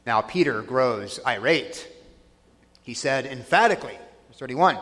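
A man preaching a sermon in a deliberate way, with dry irony. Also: fairly high pitch, a bit bright. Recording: long reverb of a large hall.

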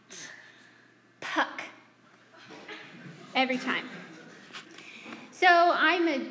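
A woman's voice: a little high, pushed and bright, a little hiss or hum. A middle-aged woman addressing students and parents in a live speech. She talks in a self-deprecating, humorous, conversational way, with restarts and asides. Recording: echoey hall with long reverb.

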